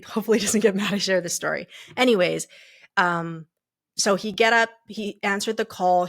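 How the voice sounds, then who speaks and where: A woman's voice: lowish voice, fairly bright tone. A woman podcast host and coach telling a personal story in a candid, chatty way, full of fillers and restarts.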